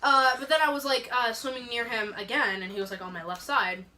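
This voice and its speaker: A young woman tells a story on a casual podcast. Her voice sits a bit high and sounds bright. She rambles, filling her talk with "like," and there is a faint hiss behind her. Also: steady tone, fairly quick. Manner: rambling, heavy use of "like", laughs often. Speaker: podcast co-host.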